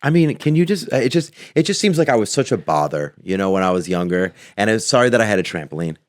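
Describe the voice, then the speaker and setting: Man, very low voice, quick talker, young adult, podcast co-host, goofy rambling banter. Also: big pitch swings, dry recording, studio quality. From Rhode Island. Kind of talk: casual chat.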